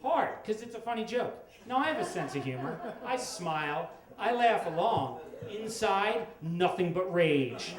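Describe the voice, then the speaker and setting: A middle-aged man telling a comic story on stage at a storytelling event, wry and with dramatic pauses. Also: sits high, animated, crowd noise. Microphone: stage microphone. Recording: echoey live room with faint noise.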